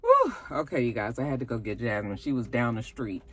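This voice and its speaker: A woman's voice: rumbling low, sing-song, brisk, slightly rough, soft background music. A woman hosting a gossip show from home, chatting casually and rambling to her viewers with lots of fillers. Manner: chatty, rambling, many fillers, addresses viewers as you guys.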